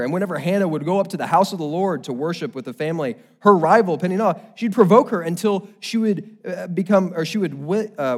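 A young man preaching a sermon, telling the story with lively, animated delivery and acting out the quoted lines. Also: a little high. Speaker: pastor.

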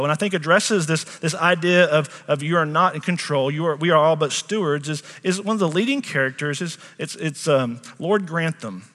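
A middle-aged man preaches to his congregation in a relaxed, chatty way, stopping to ask them questions. His voice sits a little high, and a long reverb from the church sanctuary trails after his words. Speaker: pastor. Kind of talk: sermon.

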